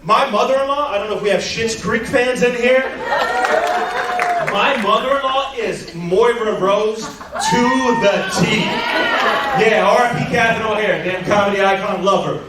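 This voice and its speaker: A man doing stand-up in a theater, heard from far off in a very echoey hall with clear crowd noise. His voice sits high and he talks in a loud, animated way, shouting his punchlines. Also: moderate pace, over loud music. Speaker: stand-up comedian. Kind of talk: stand-up comedy set. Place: theater stage.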